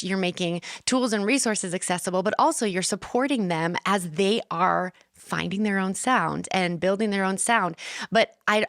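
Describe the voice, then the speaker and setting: A woman's voice: medium pitch, a bit bright, no room sound, studio quality. A woman hosting a podcast, speaking in a friendly, affirming way in a casual interview. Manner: friendly, affirming, many fillers. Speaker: podcast host.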